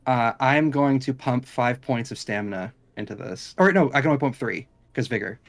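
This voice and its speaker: A man's voice: medium pitch, lively intonation, normal speed, gravelly. A man speaks as a player in a tabletop fantasy game, with a voice in the middle of the usual range. He talks loosely and casually, stumbling over words and restarting his sentences as he explains what his character does. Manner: rambling, self-correcting.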